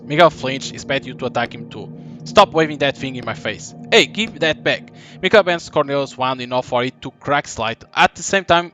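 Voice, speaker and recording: Man reading game text aloud. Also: mid-range voice. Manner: reads story text and choices aloud in an even tone. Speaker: gaming commentator.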